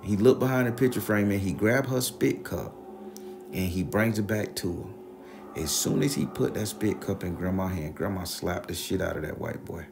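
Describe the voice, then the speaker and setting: A man telling a story in a casual, animated, profane, slang-heavy way. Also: sits low, moderate pace, creaky, music in the background.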